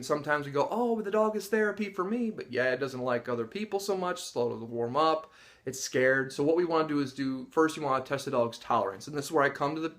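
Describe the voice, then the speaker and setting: Animated man explaining dog training. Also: mid-range voice. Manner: animated storyteller who acts out dogs' and people's reactions with gasps and laughs. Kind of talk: casual instructional talk to camera.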